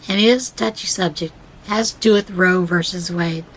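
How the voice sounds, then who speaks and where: A woman's voice: fairly low pitch, a bit bright, poor audio. A woman hosting a crafting podcast, telling a rambling story full of fillers and reading a devotional aloud. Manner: chatty, storytelling with many fillers; reads devotional passages aloud. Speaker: podcast host. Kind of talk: casual rambling chat.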